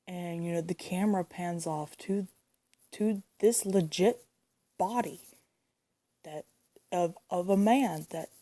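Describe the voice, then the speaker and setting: A young woman vlogger rants indignantly into her phone, swearing and repeating herself in an angry, casual way. Her voice is lowish and mellow.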